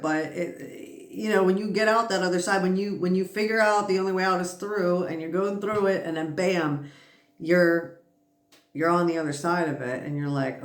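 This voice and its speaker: A tired woman giving a casual, reassuring spiritual tarot reading, chatty and quick to laugh. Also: lowish voice, fairly even intonation. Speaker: tarot reader. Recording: roomy echo.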